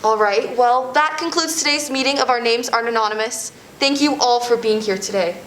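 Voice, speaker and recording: A young woman plays a group leader who soothes everyone a bit too much. Her voice sits slightly high. The room around her is echoey. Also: fairly bright tone, a little hiss or hum, lightly acted. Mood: soothing. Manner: over-soothing, slow sympathetic drawl. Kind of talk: student sketch comedy acting.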